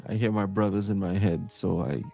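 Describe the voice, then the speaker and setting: A man's voice: low voice, steady tone, a little fast, creaky, dark tone, faint music behind. A man from Trinidad co-hosting a casual live-stream chat, easygoing, laughing often and repeating words as he thinks. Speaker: co-host, singer.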